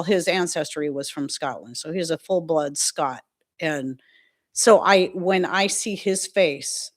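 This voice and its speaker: A middle-aged woman chatting casually on her livestream, rambling from one story to the next and reading out viewer comments. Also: lowish voice. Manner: chatty, rambling, reads chat comments aloud. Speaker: livestream host.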